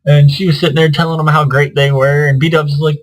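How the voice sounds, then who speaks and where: Speaking a little fast in a fairly high, level-toned voice, a man who hosts a gaming channel rambles about a convention and acts out what others told him. Audio quality is poor.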